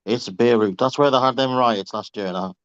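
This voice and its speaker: A man's voice: mid-range voice, fairly quick, a bit bright, dry recording. A man casually telling anecdotes to his group, swearing freely and laughing as he goes. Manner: chatty, swears freely, laughs through stories. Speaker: reading group member on a group call. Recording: slightly dull, dry lo-fi call audio.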